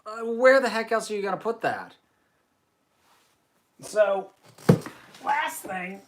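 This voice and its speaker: A man's voice: sits high, expressive, takes it slowly, slight background noise. A man hosting a casual livestream. He chats and answers viewer comments in a self-deprecating way. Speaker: host.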